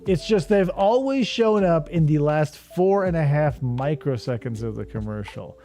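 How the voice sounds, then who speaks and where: A man's voice: on the high side, expressive, moderate pace, warm tone, faint music behind. A man hosting a livestream, joking and swearing, now and then slipping into mocking voices. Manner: jokey, profane, does mocking voices. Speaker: streamer host. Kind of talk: casual livestream commentary.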